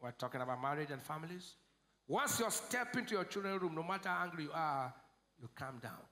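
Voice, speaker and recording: Nigerian male pastor, high voice, call-and-response sermon, roomy hall. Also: animated, brisk. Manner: call-and-response preaching, swings from shouts to low asides. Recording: echoey church hall.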